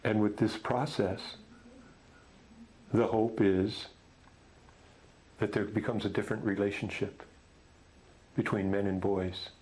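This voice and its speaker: A middle-aged man talks slowly and gently, often pausing and restarting his sentences. He leads a men's group and tells its stories in a soft, unhurried way. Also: on the low side, flat delivery, a little hiss or hum, poor audio. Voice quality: gentle, halting, with many restarts. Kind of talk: storytelling talk.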